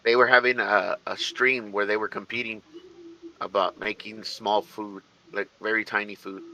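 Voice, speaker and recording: A man co-hosting a casual talk show, rambling and halting with frequent restarts. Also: on the low side, level tone, sharp tone, rough recording. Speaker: podcast co-host. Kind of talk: casual chat.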